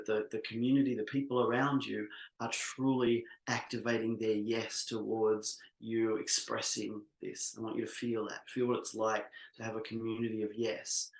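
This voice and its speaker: A man facilitating an online workshop, leading a slow, soothing guided exercise with many pauses over a video call. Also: mid-range voice, echoey room, rough recording.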